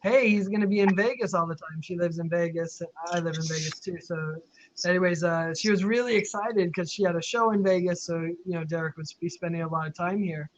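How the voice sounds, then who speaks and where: A man's voice: fairly high pitch, level tone, brisk, muffled recording, a little hiss or hum. A man hosting a casual live video chat, reading out viewer questions, talking chattily with frequent laughs and fillers. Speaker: live stream host. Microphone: video call.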